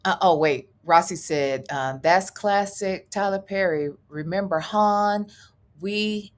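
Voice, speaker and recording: A middle-aged woman with a medium-pitched voice chats slowly and casually on a live reaction stream. She reads out comments and drifts off topic, swearing and laughing along the way.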